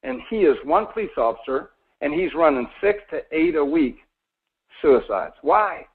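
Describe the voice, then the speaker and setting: A man's voice: fairly high pitch, big pitch swings, moderate pace. A man in his forties giving a folksy, persuasive mortgage sales talk on a conference call, often asking his listeners questions. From Florida. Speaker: mortgage presenter. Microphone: phone or conference call line. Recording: tinny phone-line audio.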